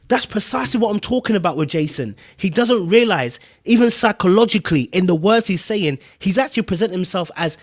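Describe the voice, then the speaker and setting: A man gives casual podcast commentary in a fairly high voice. He talks emphatically, repeats himself for weight and keeps checking that his listeners follow. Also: animated, a little fast, hardly any pauses. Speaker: podcast host.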